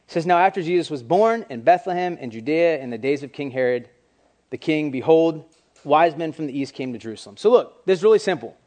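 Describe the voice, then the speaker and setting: A man preaching a casual sermon to young people, animated and acting out quoted voices. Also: on the high side.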